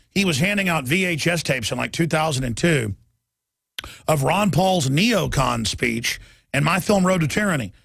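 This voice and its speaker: A man's voice: fairly high pitch, creaky, fairly bright tone, no room sound, clean studio sound. A man hosting a talk radio show, ranting in a heated, mocking way.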